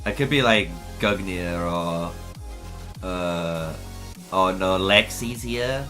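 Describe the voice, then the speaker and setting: A man's voice: low voice, takes it slowly, bright, forceful tone. A man commentating live on a strategy game for his stream, chatty and laughing often as he talks to his chat. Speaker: gaming streamer. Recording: faint music behind.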